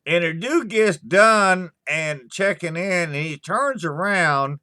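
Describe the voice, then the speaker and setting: A man hosting a livestream, chatting casually with viewers in a halting, stammering way, swearing often and sighing between thoughts. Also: high-pitched, sharp tone, no room sound, studio quality. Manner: slow, sighing storytelling. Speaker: livestream host answering chat. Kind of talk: casual rambling chat.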